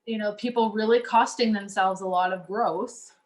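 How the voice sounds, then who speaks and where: A woman's voice: medium pitch, fairly even intonation, normal speed. Woman, coach, casual teaching talk, earnest, conversational, frequent restarts and fillers.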